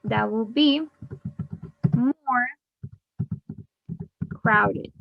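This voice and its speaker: Very slow, patient woman teacher. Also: on the high side, gravelly, highs cut off. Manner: repeats each word, then gives the Spanish. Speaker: English teacher. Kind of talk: slow bilingual grammar lesson.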